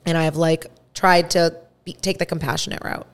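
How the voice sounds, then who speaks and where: A woman around thirty telling a story in casual podcast chat, animated and full of "like" fillers. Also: low-pitched, moderate pace. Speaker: podcast host.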